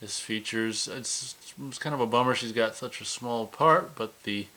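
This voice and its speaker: Male co-host, bright and edgy tone, rambling casual reviewer who jokes and corrects himself. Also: mid-range voice, moderate pace, rough recording. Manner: rambling, self-correcting, joking. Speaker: podcast co-host.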